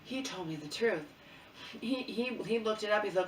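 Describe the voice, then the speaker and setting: Fairly quick and expressive, with a voice on the low side, a middle-aged woman vlogger unloads an angry personal tale packed with curse words and frequent "okay?" and "you know?". There's slight background noise, and the distant mic catches the room's echo.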